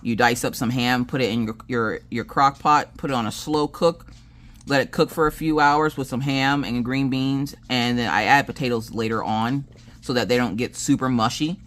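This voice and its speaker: Chatty Southern mom telling family stories. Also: female voice, very deep voice, normal speed, a bit bright. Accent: Southern American. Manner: chatty storyteller who acts out family dialogue; swears casually. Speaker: crafting channel host. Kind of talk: casual chat while crafting.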